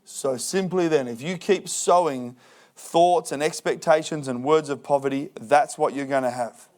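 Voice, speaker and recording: Lively pastor, higher voice. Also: male voice, normal speed. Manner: lively, jokey preaching with acted-out excuses. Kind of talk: sermon. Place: church hall.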